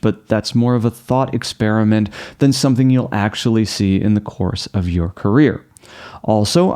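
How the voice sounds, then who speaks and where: A man delivering a scripted explainer monologue in a mellow, dark voice at a middling pitch. He turns wry and sarcastic in short asides, with sudden jumps in pitch. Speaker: host.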